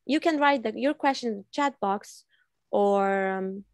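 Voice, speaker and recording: A woman's voice: medium pitch, measured pace, no echo. A woman from Iran teaching an online English class, repeating phrases patiently for her learners over a video call. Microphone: computer mic on video call.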